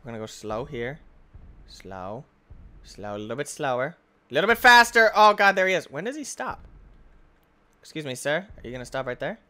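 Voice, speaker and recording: A man giving excitable, goofy let's-play game commentary, often yelling and shrieking. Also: a little high, moderate pace, pauses often. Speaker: gaming YouTuber.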